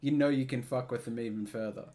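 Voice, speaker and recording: An Australian man co-hosting a casual online chat show, swearing freely and telling animated stories. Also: medium pitch, quick pace, a little hiss or hum. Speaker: podcast co-host.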